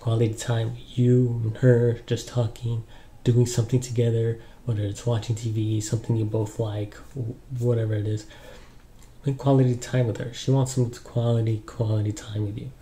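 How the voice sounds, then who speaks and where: A young man giving casual relationship advice in a relaxed, rambling way, with lots of ums and you-knows. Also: mid-range voice, moderate pace, slight background noise. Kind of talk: casual advice talk to camera.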